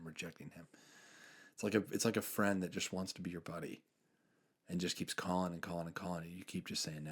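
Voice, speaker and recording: Podcast host, young man, lowish voice, earnest and rambling storyteller. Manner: earnest storytelling, many fillers, trails off softly. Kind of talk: casual faith chat.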